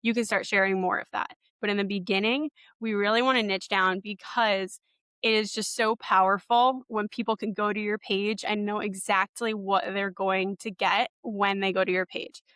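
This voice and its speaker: Young woman coach, mid-range voice, relaxed and upbeat, filler-heavy talk, dry recording. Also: medium pitch, normal speed, clear, resonant tone, no echo. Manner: casual, encouraging, many "like" and "you know" fillers. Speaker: podcast host and marketing coach. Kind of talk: webinar teaching.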